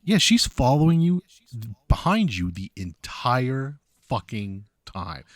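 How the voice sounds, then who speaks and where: Animated, profane man on a dry mic. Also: mid-range voice, takes it slowly, no echo. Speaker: podcast co-host. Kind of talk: casual chat.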